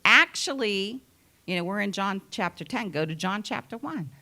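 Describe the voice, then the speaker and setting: A woman preacher with a medium-pitched, sharp-toned voice gives an animated sermon at a normal speed. She speaks earnestly and conversationally, repeating key phrases for emphasis.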